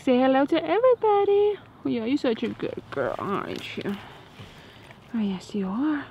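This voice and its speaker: A woman's voice: high-pitched, very animated, moderate pace, creaky, warm tone, a little hiss or hum. A woman in baby talk to her pet dog, coaxing and sing-song, repeating praise.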